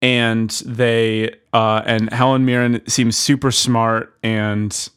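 A man in a mid-pitched voice rambles through a comedy podcast pitch, stumbling and restarting as he goes. He sounds self-deprecating and quick to giggle, and his voice is recorded dry and close. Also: little pitch movement, fairly bright tone, smooth, no echo. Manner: rambling, halting storytelling with many restarts. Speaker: podcast host pitching a movie. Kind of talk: casual comedic chat.

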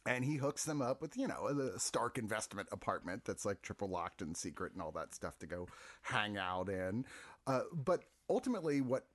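A man's voice: lowish voice, big pitch swings, normal speed. A man reviewing a film in casual podcast chat, laughing often and making playful asides.

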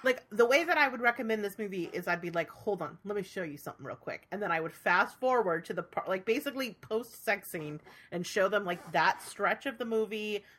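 Bright, lively-voiced woman podcast host. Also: medium pitch, a little fast, hardly any pauses. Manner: chatty, laughs often, lots of "like". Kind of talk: casual chat.

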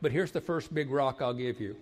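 An older man, a marriage counselor, gives an emphatic sermon-like talk to young people, building repeated phrases and sometimes dropping to a hush. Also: mid-range voice, a little fast. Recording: long hall reverb.

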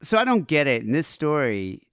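A man's voice: fairly high pitch, sing-song, normal speed, clean tone, dry recording, clean studio sound. A man co-hosting a podcast, telling stories casually and laughing at them. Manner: storytelling, laughs at his own tales. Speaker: podcast co-host. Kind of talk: casual chat.

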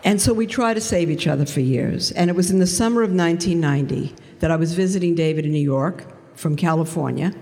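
A woman giving a lively personal testimony talk, storytelling with big swings into quoted voices. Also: on the low side, fast, slight background noise. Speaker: speaker giving a conversion testimony. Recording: long hall reverb.

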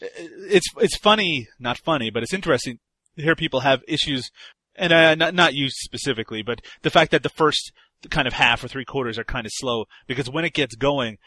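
Bright-voiced man rambling about a film. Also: medium pitch, a little fast, dry recording. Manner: rambling, restarts often, laughs easily. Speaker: podcast co-host reviewing a film. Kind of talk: casual film review chat.

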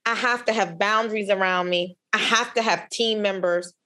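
A woman talking as a podcast guest, expressive and emphatic, often restarting her sentences. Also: mid-range voice, moderate pace. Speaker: podcast guest, physician researcher. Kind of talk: candid podcast conversation.

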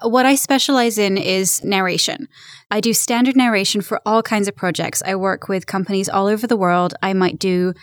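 A young adult woman, English-born, talking in an American accent with British traces, chatting lively as an interview guest. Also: medium pitch, normal speed, dry recording, clean studio sound. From England. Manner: lively, chatty, laughs easily. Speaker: voice actor guest. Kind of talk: casual interview chat.

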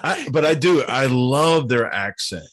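A man's voice: medium pitch, animated, unhurried, fairly bright tone. A man co-hosting a casual podcast chat, stammering a little and playful in manner.

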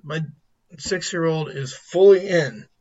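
A man in his thirties casually telling animated stories about his family, acting out their lines. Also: fairly high pitch, slow pace. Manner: animated anecdotes, acts out family quotes. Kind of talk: casual storytelling chat. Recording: lo-fi muffled audio.

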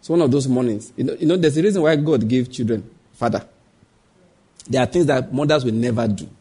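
A man's voice: medium pitch, fairly quick, mellow, husky. A man preaching a sermon, asking the congregation rhetorical questions, acting out the voices in his stories and telling tales of his own family. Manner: acts out quoted voices. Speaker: pastor.

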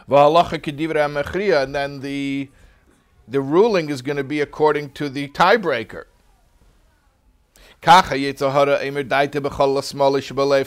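A man's voice: a little high, smooth. A man teaching a religious text class in a casual, joking storytelling manner.

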